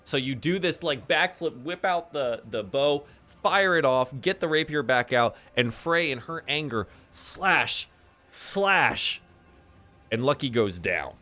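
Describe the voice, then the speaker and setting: A man's voice: medium pitch, moderate pace, hardly any pauses, faint music behind. A man narrating a tabletop game as game master, playful and full of fillers. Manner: lively and playful, with many fillers.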